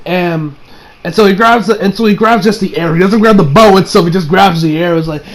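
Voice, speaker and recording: A man's voice: sits high, fast, poor audio. A man giving a casual recap of an anime episode. He rambles and keeps correcting himself. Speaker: anime reviewer.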